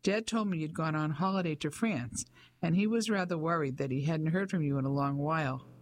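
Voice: medium pitch, a little fast, dry recording, natural voice. An audiobook narrator voicing a young English soldier home on leave, earnest and critical toward his mother. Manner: critical, puzzled.

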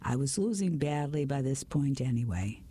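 A woman reading a story aloud in the first person, with an even, unhurried delivery. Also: very deep voice, breathy edge. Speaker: audiobook narrator.

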